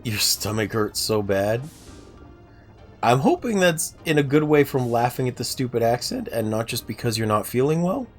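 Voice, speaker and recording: A man's voice: medium pitch, big pitch swings, moderate pace, soft background music. A man casually chatting on a game livestream, self-deprecating and answering viewers' chat. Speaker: game streamer.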